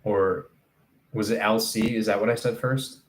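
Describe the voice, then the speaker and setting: Slow, rambling male livestreamer. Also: lowish voice, fairly even intonation. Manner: rambling, crude and joking, talks to chat. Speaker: live streamer. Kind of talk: casual livestream chat.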